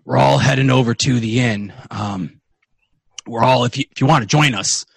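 A man voicing a grieving dwarf at a funeral with a rough voice. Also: mid-range voice, moderate pace, no room sound, rough recording. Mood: polite, stiff.

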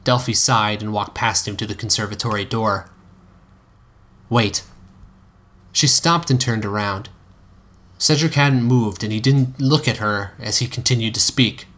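A man's voice: on the low side, normal speed, a bit bright. A man narrating a story aloud, reading steadily with occasional slips and restarts.

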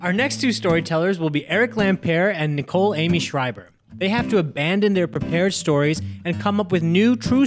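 Upbeat guy hosting a story show, lively up-and-down voice, guitar music in back. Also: fairly high pitch. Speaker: show host. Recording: music playing behind.

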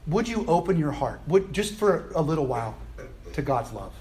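A male pastor preaching a sermon in a conversational, animated way, with playful asides, at a church service. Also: fairly high pitch, moderate pace, slight background noise.

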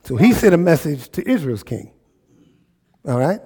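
A man's voice: a little high, very animated, normal speed, dark tone, slightly rough. Man preaching, emphatic and repetitive. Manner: emphatic preaching with repeated phrases and check-ins. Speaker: pastor. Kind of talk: sermon.

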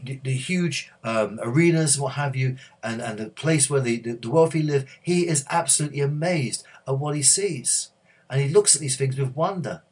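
Husky preacher man telling a story. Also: mid-range voice. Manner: halting with many restarts, then hushed and earnest. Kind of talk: sermon storytelling.

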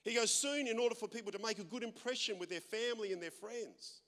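A man preaches with a naturally loud, animated delivery and pokes fun at himself as he tells stories. His voice sits high for a man. The sound carries a long reverb from a large hall. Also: fast. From Australia. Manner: loud, animated, self-deprecating humor. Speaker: pastor. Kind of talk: sermon with storytelling.

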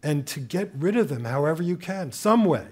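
Male preacher, impassioned sermon delivery, animated storytelling, voice sitting a bit high. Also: moderate pace, breathy edge.

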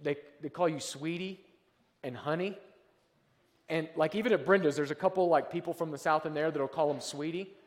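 A male pastor from the American South preaching a sermon in a conversational way, moving between quiet asides and loud, emphatic peaks, in a church sanctuary. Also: on the high side, brisk. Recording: long reverb of a large hall.

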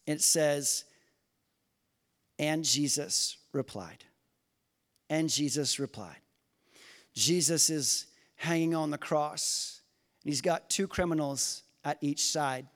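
A man preaching a sermon to his congregation, swinging between loud emphatic lines and quiet, slow scripture reading. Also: on the high side. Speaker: pastor. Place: church sanctuary. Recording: long reverb of a church hall.

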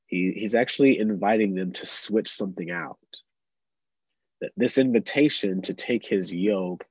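Young male pastor, earnest sermon delivery, husky voice, dull dry recording. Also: low voice, dry recording. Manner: earnest, drops to soft tones for emphasis.

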